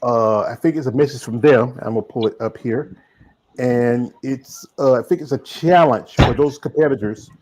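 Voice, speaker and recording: A man's voice: mid-range voice, normal speed, a little mellow, poor audio. A man with a Southern US accent hosting a podcast in casual chat, rambling with many fillers and restarts. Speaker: podcast host.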